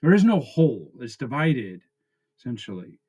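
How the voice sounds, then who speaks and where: A man, talking in an emotional personal vlog. He is close to tears, and his raw, halting confession keeps breaking off. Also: medium pitch, sing-song, dark tone, slightly rough, dull audio. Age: 40s. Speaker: vlogger. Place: his friend's house.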